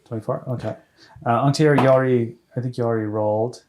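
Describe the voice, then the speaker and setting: A man's voice: medium pitch, fairly even intonation, noisy background. A man running a tabletop game as game master, losing his voice and talking with many restarts. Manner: halting, full of restarts and fillers. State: losing his voice, clearing his throat.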